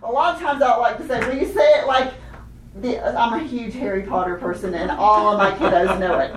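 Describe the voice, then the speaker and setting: Animated woman leading a music workshop. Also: a little high, a little fast, a little hiss or hum. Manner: animated, leads chanted echo rhythms, laughs often. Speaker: children's music workshop leader. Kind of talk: hands-on workshop teaching. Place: workshop room with participants. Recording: echoey room, voice from a distance.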